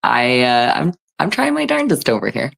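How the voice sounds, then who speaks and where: A woman's voice: rumbling low, wildly swooping pitch, normal speed, gravelly, a bit bright. A woman hosting a casual livestream, reading chat comments aloud and chatting in a self-deprecating, filler-heavy way. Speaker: livestream host.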